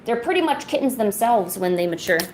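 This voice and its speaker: A woman's voice: mid-range voice, sing-song, a little fast, a little mellow, slight background noise. A woman chatting casually on an art livestream, playfully scolding her cat in a mock-stern voice.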